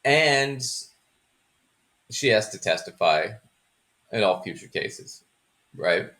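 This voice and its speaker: A man with a lowish voice hosting a podcast, easygoing and jokey, breaking into laughter between points as he walks through the story. his tone stays loose and conversational. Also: lively intonation, slow, pushed and bright. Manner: laughs often, joking and chatty. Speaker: podcast host. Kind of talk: casual chat.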